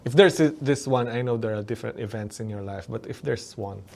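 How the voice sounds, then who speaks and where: A man's voice: mid-range voice, a little fast, creaky, a little mellow. A man hosting an interview, asking short, probing questions. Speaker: podcast host.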